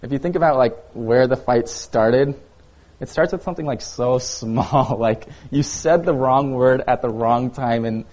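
A man's voice: mid-range voice, measured pace, a little mellow. A young man preaching a casual sermon to a youth group, telling personal stories in a conversational way full of filler words. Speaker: youth pastor.

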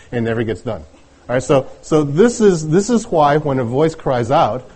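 A middle-aged man preaching a sermon in a conversational, halting way, often restarting his sentences. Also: mid-range voice, expressive, darkish tone, slightly rough. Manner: conversational, halting with many restarts and light laughs. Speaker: pastor.

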